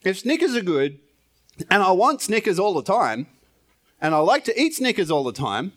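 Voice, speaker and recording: A man's voice: sits high, very animated, normal speed, a bit bright. A man preaching an informal sermon in church, chatty and playful, often laughing at himself. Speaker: pastor.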